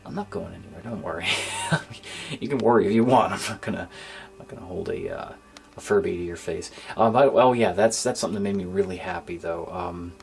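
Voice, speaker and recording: Deep-voiced gamer guy doing a casual vlog, kinda down, lots of ums, trails off into whispers. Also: vocal fry, a little mellow. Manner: subdued and halting, many fillers, drops to near-whisper. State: low-spirited. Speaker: gaming YouTuber. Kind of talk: casual thank-you vlog. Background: faint background music.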